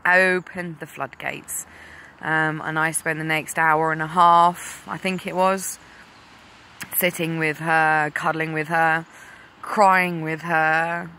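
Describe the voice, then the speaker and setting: A woman's voice: low voice, little pitch movement, slow, sharp tone, a little hiss or hum. A woman from England telling her own story as a mother, candid and full of ums. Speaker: mother sharing her cancer experience. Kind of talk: personal talk to camera.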